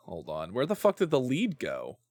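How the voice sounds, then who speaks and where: A man's voice: medium pitch, wildly swooping pitch, moderate pace, a little mellow, dry recording, studio quality. A man streaming a game, chatting casually in a playful, rambling way and swearing often. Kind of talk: casual gameplay chat.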